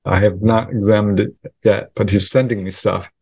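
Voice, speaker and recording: A man, a researcher and author, answering interview questions as a lively storyteller who acts out the voices of people in his account. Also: on the low side, normal speed, breathy edge, no echo. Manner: animated storyteller acting out quoted dialogue. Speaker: UFO researcher and author, guest.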